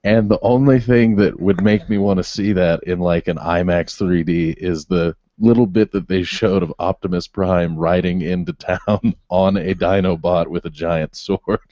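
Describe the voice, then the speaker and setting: A man's voice: deep voice, normal speed, hardly any pauses, dry recording, muffled recording. A man co-hosting a podcast in casual chat, rambling and laughing often. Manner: giggly, rambling, animated. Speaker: podcast co-host.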